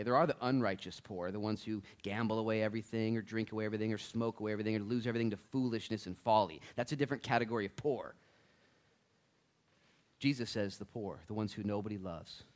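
A man preaching a Bible study sermon as a pastor, animated and joking, swinging from loud to hushed. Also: lowish voice.

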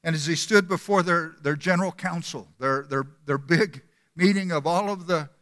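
Male preacher, high bright voice, earnest sermon storytelling, long church echo. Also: moderate pace. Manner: earnest storytelling, repeating words. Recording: long hall reverb.

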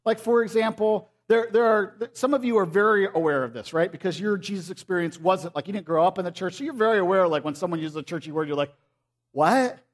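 A man with a high voice preaching a relaxed, chatty sermon. He talks to the congregation like friends and often slips into playful impressions of the people he quotes. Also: quick pace, hardly any pauses. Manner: casual and conversational, often acting out quoted voices. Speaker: pastor.

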